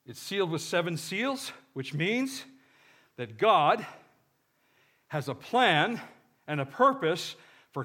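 A man's voice: on the high side, sharp tone. A man preaching a sermon, reading scripture with joking asides and leading the congregation in call-and-response. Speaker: pastor.

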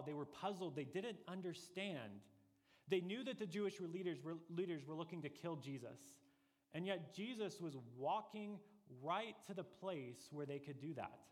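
A man preaching a sermon as pastor, earnest and deliberate, pressing his points with rising emphasis. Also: on the high side, big-room sound.

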